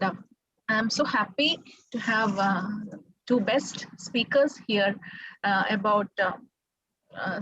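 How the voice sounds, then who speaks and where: A woman's voice: fairly high pitch, a bit bright, husky, no room sound, lo-fi sound. Woman host, hesitant, dry close sound. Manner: halting, many fillers. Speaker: host of an online book show. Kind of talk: casual introduction.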